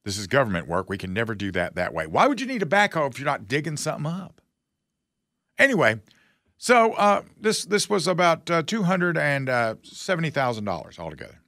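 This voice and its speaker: Brief: male talk host, mocking and folksy, with a gravelly, lively voice and a dry sound. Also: on the high side, a little fast, dry recording. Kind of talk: casual political commentary.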